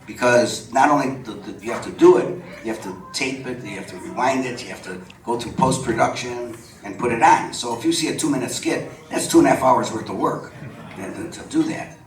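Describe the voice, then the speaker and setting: An older man telling lively stories about his years in local television, acting out what others said and laughing often, before a live audience. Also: medium pitch, brisk. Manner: chatty, laughs often, acts out quoted dialogue. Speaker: guest storyteller. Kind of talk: live on-stage storytelling. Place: supper club stage before an audience. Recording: roomy venue sound from a distant mic with background noise.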